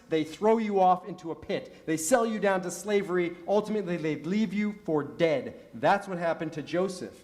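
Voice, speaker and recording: A middle-aged man, a rabbi, preaching a sermon in a synagogue, telling stories and asking rhetorical questions with rising emphasis. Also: high-pitched. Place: synagogue sanctuary.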